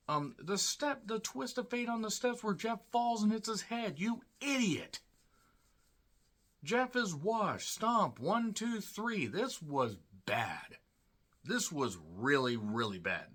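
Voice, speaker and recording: A man's voice: fairly high pitch, sharp tone. A man giving a casual solo review of a wrestling show, blunt and sarcastic, swearing freely and sounding tired.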